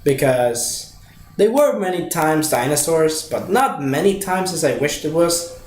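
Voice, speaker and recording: A man's voice: a little high, expressive, a little slow, a little mellow. A man casually reviewing a movie, rambling with many fillers and restarts. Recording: echoey room with faint noise.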